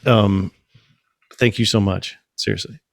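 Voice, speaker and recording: A man's voice: on the low side, a little slow, gravelly, no echo, studio quality. A man in his thirties hosting a podcast, telling a story in casual chat and acting out the quotes. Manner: animated storyteller, acts out quotes, swears casually. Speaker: podcast host.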